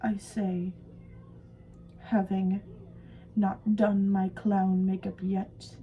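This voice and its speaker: A young woman vlogging while she does special effects makeup, chatting casually and poking fun at herself, sometimes trailing off into soft mumbles. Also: mid-range voice, flat delivery, extremely slow, pauses often, slight background noise, rough recording. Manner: chatty, self-mocking, drifts into soft mumbles. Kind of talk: rambling casual chat while doing makeup.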